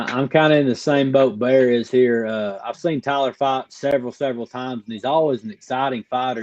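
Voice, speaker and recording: A man's voice: mid-range voice, darkish tone. Hesitant man, muffled sound. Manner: hesitant, repeats words. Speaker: panelist. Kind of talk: casual podcast chat. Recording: dull lo-fi sound.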